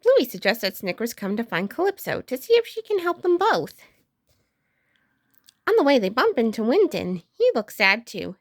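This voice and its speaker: A woman's voice: on the high side, sing-song, normal speed, no room sound, studio quality. A woman reading a children's storybook aloud, narrating expressively. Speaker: storybook reader.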